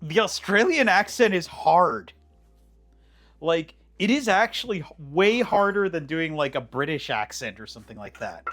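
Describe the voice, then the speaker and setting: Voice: medium pitch, lively intonation, moderate pace, fairly bright tone. A cooking streamer chatting casually while making a dish, rambling with many fillers and restarts. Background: faint background music.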